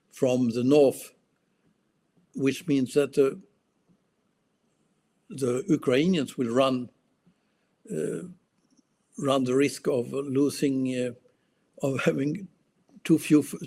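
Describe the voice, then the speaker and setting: A man, speaking as a guest analyst in casual talk. He speaks very slowly, pausing and restarting often as he searches for words. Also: medium pitch, darkish tone. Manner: slow, halting, many restarts and fillers. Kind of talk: casual political discussion.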